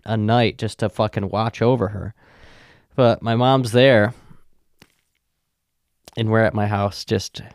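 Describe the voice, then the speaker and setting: A man's voice: fairly low pitch, dry recording, clean studio sound. Profane young man telling stories on a podcast. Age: young adult. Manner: profane, rambling, deadpan. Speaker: podcast host. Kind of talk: casual storytelling.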